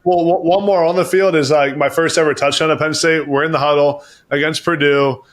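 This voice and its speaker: Speaking fairly quickly in a slightly high voice with fairly even intonation, this man in his thirties is a podcast guest. He rambles through casual stories, frequently restarting sentences and repeating phrases.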